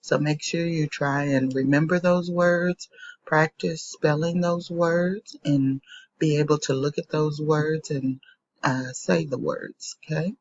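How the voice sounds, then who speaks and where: A woman teaches young children their letter sounds, saying each word twice in a slow, patient way. Her voice is a little husky. The recording is dry, close and lo-fi, with a dull tone. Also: low voice, steady tone, a little mellow. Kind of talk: phonics lesson for young children.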